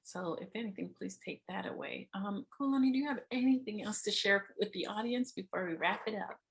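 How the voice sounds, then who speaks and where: A woman's voice: mid-range voice, fairly quick. A woman hosting a podcast interview, talking expressively in a casual chat, laughing often and swearing freely. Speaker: podcast host.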